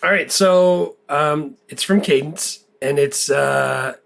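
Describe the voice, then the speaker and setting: A man co-hosting a movie podcast in casual chat, gravelly and self-deprecating, laughing often. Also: on the high side, takes it slowly, fairly bright tone. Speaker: podcast co-host.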